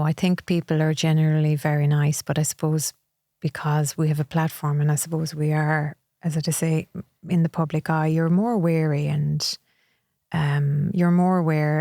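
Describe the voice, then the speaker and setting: A middle-aged Irish woman talks through her experiences in a candid, reflective way. Her voice sits a little low for a woman, and the recording is close and dry. She now and then acts out what other people say to her. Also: flat delivery, normal speed, dark tone, dry recording. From Ireland. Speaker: podcast guest. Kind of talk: conversational interview.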